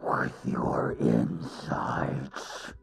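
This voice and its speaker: A woman voicing a sinister clown in an animated horror story, with a gravelly, breathy voice and slow, taunting, sing-song menace. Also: a bass voice, faint music behind, heavily acted. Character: sinister creepy clown lurking outside a house.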